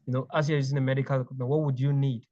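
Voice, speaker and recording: A man's voice: mid-range voice, little pitch movement, warm tone, no echo, dull audio. A man from Ghana, a clinical engineering manager, talking in an interview and often repeating words as he gathers his thoughts. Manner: halting, repeats words while thinking. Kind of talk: interview conversation.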